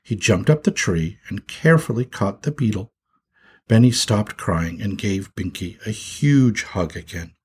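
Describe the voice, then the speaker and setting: A man narrating a children's story with an expressive, animated reading. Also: on the low side, measured pace, husky.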